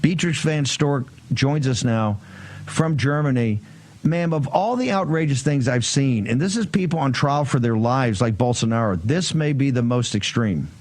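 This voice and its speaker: A man hosting a political talk show, speaking forcefully in short punchy bursts. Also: mid-range voice, expressive, normal speed. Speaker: host.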